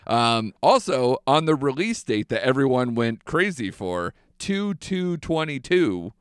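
Young guy hosting a movie podcast, chatty and animated, smooth clean voice, dry sound. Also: medium pitch, a little slow, dry recording. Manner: chatty, animated, rambling with fillers. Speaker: podcast host. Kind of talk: casual podcast chat.

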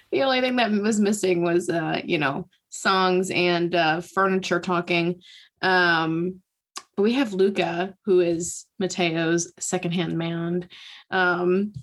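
A woman's voice: on the low side, takes it slowly. A woman casually recapping a book's plot with a sarcastic, chatty delivery full of fillers. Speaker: podcast host. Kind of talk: casual chat recapping a book.

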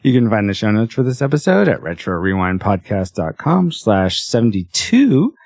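A man's voice: on the low side, very animated, normal speed, a little mellow, no room sound, studio quality. A man hosting a podcast, chatting casually and laughing often. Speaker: podcast host.

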